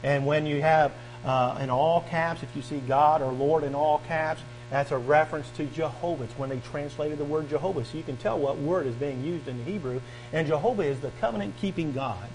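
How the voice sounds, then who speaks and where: A man's voice: fairly high pitch, slight background noise, low-quality recording. A male pastor delivering a sermon, reading scripture aloud and driving points home with a rising and falling preaching cadence and repeated questions.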